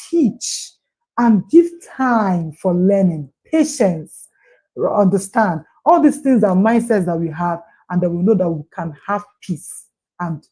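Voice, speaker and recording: A woman's voice: fairly low pitch, mellow, husky, poor audio. A woman with a Nigerian accent speaking on a parenting livestream panel, earnest and repeating her words with coaxing asides. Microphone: remote call.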